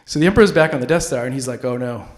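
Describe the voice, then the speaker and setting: A man's voice: a little high, lively intonation, rapid-fire. Rambling, goofy man hosting a comedy show. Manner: rambling, self-interrupting, goofy. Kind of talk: rambling comic monologue. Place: public access TV studio.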